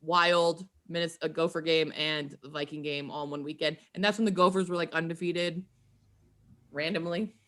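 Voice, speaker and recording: Animated woman telling a funny story. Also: deep voice, normal speed. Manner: animated, laughs often, acts out quoted voices. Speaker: podcast guest. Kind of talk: casual storytelling chat.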